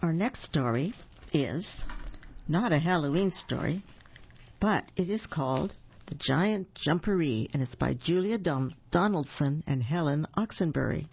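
A reader reading picture books aloud to children, gentle with explaining asides. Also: mid-range voice, animated, unhurried, creaky, a little hiss or hum. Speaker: storybook reader. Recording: dull lo-fi recording.

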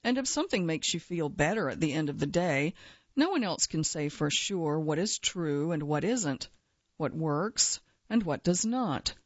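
Lower woman's voice, dry wry storyteller, kinda muffled dry recording. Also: lively intonation, unhurried, no echo. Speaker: journalist narrator. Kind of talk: first-person narrated feature story.

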